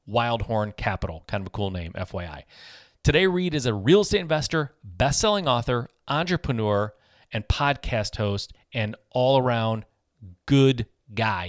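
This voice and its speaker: A man's voice: mid-range voice, dry recording. Chatty male podcast host, dry sound. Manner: upbeat, chatty, frequent fillers. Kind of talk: podcast intro and interview.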